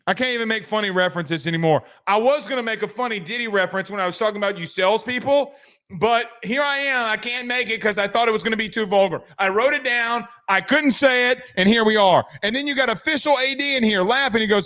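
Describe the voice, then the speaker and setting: A man's voice: sits high, quick pace, pushed and bright. A man hosting a casual sports commentary show, rambling and joking. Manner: rambling, joking, trails off into asides.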